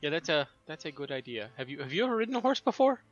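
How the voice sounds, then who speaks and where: A man's voice: fairly high pitch, sing-song, very fast, muffled recording. A man playing a tabletop game, chatting casually with self-mocking jokes. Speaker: player.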